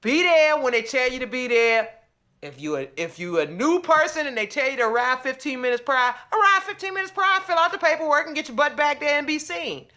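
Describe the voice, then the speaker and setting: A woman vlogger ranting and telling a story to camera in a sassy, animated way. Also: high-pitched, a little fast. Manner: animated, sassy, acts out both sides of a phone call.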